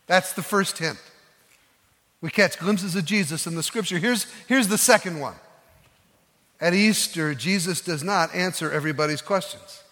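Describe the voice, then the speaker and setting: High-voiced pastor preaching in a hall. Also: male voice. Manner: earnest storytelling with soft, slow emphases. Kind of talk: sermon. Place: church sanctuary.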